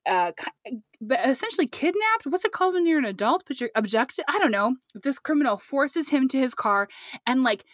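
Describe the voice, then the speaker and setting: A young adult woman co-hosting a podcast in casual, animated chat, laughing often. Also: sits high, moderate pace, dry recording, studio quality. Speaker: podcast co-host.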